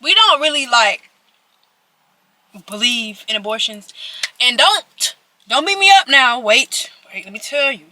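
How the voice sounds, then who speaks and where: A woman's voice: on the high side, animated, measured pace, long pauses, bright, forceful tone. An eighteen-year-old woman telling a personal story to her viewers while eating, in a chatty way that speaks straight to them. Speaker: vlogger.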